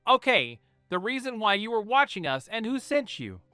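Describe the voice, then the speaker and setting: A man voicing a cold, guarded young male ninja who bursts into angry shouts at his father. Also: high voice, big pitch swings, normal speed, smooth, no echo, soft background music, voice pushed up, full character voice. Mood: interrogating.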